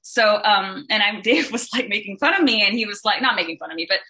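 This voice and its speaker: Bright, animated voice actress from Singapore. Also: female voice, mid-range voice, fast. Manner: animated, rambling, many restarts and fillers. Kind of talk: panel Q&A answers.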